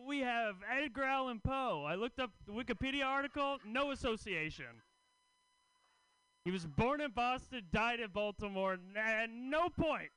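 A male comic on stage, trading wry deadpan asides with the audience. His voice is high for a man, smooth and clear, and it is recorded close and dry. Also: no room sound, poor audio. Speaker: stand-up comic and festival host. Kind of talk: stand-up set. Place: comedy club stage.

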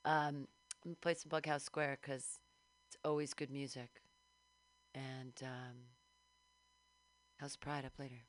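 A woman's voice: a bass voice, flat delivery, a little slow, pauses often. A woman hosting a radio show, rambling casually, giggly and drifting into mumbles. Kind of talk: casual chat.

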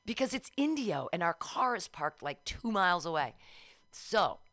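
A woman in her forties co-hosting a radio show, telling a story casually and acting out quotes in a high voice. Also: very animated, moderate pace, a bit bright, dry recording, clean studio sound. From Southern California. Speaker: radio co-host. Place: radio studio.

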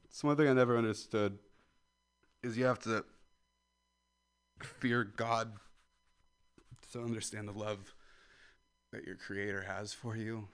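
A man in his twenties doing a stand-up comedy set, ranting loudly at the crowd and then dropping to a mutter. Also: on the low side, steady tone, measured pace, pauses often, clear, resonant tone. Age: 20s. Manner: loud ranting crowd work, swings between yelling and muttering.

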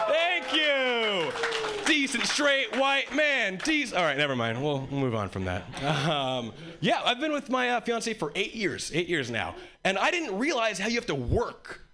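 High, lively male stand-up comic. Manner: animated storytelling with crude jokes. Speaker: stand-up comedian. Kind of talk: stand-up comedy set. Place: comedy club with a live audience. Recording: live club recording with loud crowd. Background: crowd laughing.

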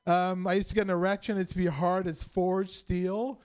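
A man's voice: high-pitched, flat delivery, darkish tone, clear, resonant tone. A middle-aged man performing a stand-up comedy set, self-deprecating, telling stories and voicing the people in them. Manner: self-deprecating, rapid storytelling with voiced characters. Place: comedy club stage.

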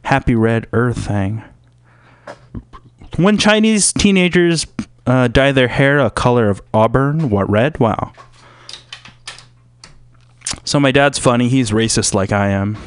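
Brief: profane male podcast host, smooth voice, dry close mic. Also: mid-range voice, lively intonation, moderate pace, dry recording. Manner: crude, profane, meandering. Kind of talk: rambling casual monologue.

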